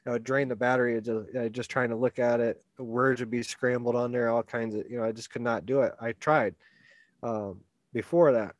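A man's voice: mid-range voice, fairly even intonation, a little fast, dry recording, muffled recording. A man telling a long personal story in a casual, rambling way, repeating words and laughing at himself. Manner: laughs through his own story.

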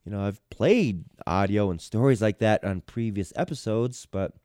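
A man's voice: on the low side, normal speed, dark tone, dry recording, studio quality. A man hosting a casual podcast, reading news stories and commenting on them in a hesitant, rambling way. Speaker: podcast host.

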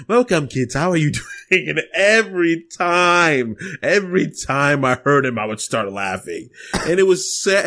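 A young man co-hosting a podcast, telling stories in casual chat and breaking into loud, explosive laughter. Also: a little high. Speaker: podcast co-host.

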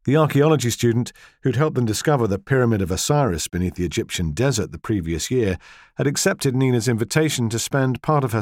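A man narrating a novel in measured, scripted storytelling. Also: lowish voice, a little mellow, dry recording, clean studio sound. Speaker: audiobook narrator.

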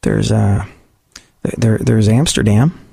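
A man's voice: medium pitch, expressive, moderate pace, dry recording, studio quality. A man giving sarcastic comedic commentary on the news and often laughing at his own points.

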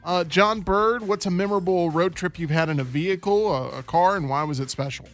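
A male host with a slightly high voice tells stories animatedly, putting on voices for the people in them. Faint music runs under his talk. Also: fairly quick. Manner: animated storyteller who acts out quotes. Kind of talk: casual chat.

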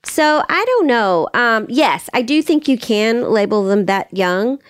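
A middle-aged woman, hosting a parenting podcast and giving casual advice through animated stories. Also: on the high side, measured pace, no echo, clean studio sound. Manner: warm storytelling, animated, acts out quotes. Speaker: parenting podcast host, expert.

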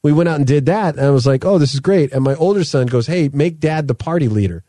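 A man's voice: on the high side, fast talker, warm tone, no echo, clean studio sound. A man in his thirties hosting a podcast, telling long rambling stories in casual chat. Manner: rambling storyteller, acts out his sons' voices. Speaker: podcast host.

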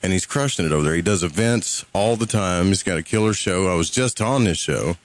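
Southern US male radio host, very deep, relaxed and rambling, swears casually. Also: a little fast. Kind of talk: casual live radio talk.

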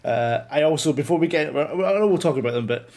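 A man's voice: a little high, animated, a little fast, darkish tone. A man chatting casually about a film, rambling with many restarts and swearing freely. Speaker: film podcast co-host. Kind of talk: casual chat.

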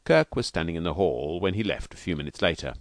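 A man reading a novel aloud as an audiobook with expressive delivery. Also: low voice, quick pace, no echo. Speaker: audiobook reader. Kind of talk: audiobook narration.

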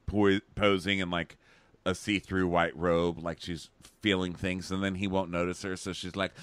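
A man co-hosting a casual chat, sarcastic and mocking, leaping into high voices to quote people. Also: flat delivery, normal speed, a bit bright, smooth, no room sound. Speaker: podcast co-host. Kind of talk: casual chat recapping a reality show.

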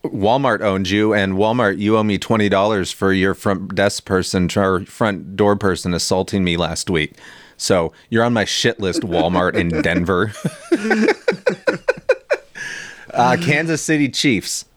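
A man's voice: sits low, expressive, a little slow, no echo, studio quality. A man co-hosting a sports podcast, joking and swearing in casual banter. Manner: profane, joking, laughs often. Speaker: podcast co-host.

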